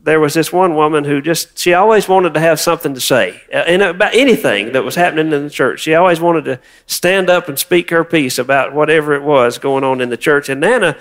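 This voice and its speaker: A man's voice: a little high, fairly quick, few pauses. A man preaching a sermon, reading scripture and prompting the congregation to repeat words. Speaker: pastor.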